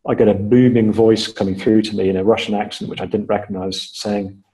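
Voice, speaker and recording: A man's voice: fairly low pitch, level tone, a little fast, dark tone, poor audio. A man being interviewed on a podcast, telling his story step by step with frequent fillers and repeated phrases for emphasis. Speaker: podcast guest.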